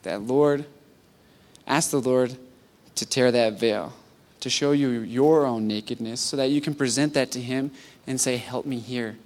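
A man preaching a sermon as pastor, earnest, climbing from quiet reflection to loud pleading peaks. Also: medium pitch, measured pace. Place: church sanctuary.

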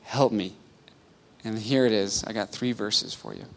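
A man preaching a sermon as pastor, earnest, climbing from quiet reflection to loud pleading peaks. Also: lowish voice, steady tone, normal speed, creaky. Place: church sanctuary.

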